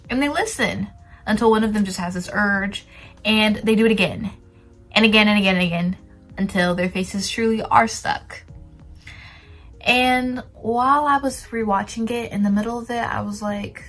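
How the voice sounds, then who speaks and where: A young woman of twenty talks casually to camera in a middle-pitched voice, chatty and quick to poke fun at herself. She slips into soft whispered asides now and then. Faint music plays quietly behind her. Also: rough recording. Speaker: writer sharing writing tips.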